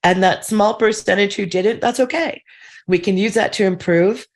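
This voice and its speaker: A woman chatting on a podcast in a candid, self-deprecating way. Her voice sits at an ordinary middle pitch. She speaks in a loose, conversational manner. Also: normal speed. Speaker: podcast guest. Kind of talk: casual podcast chat.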